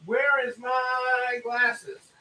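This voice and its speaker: Tired male live-stream host, very high voice, chatty and repetitive. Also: level tone, drawn-out words, sharp tone, poor audio. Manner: chatty, repetitive, greets viewers by name. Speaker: store owner hosting a live stream. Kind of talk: casual live-stream chat.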